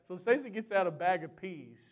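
A man preaching a sermon who tells a personal story in an animated, chatty way with lots of fillers, then closes in prayer. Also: high-pitched, brisk, lo-fi sound.

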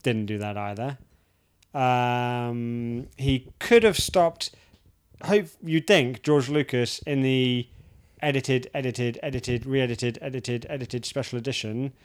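A man's voice: medium pitch, takes it slowly, clean tone. A man in his thirties ranting in casual chat, swearing freely and restarting his sentences.

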